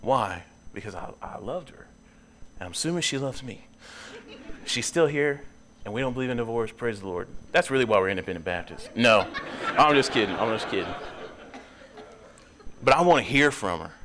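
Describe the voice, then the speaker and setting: A young man preaching in a church, earnest, his voice climbing high and loud when he presses a point. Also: animated, a little fast, a little hiss or hum. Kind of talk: sermon. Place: church sanctuary.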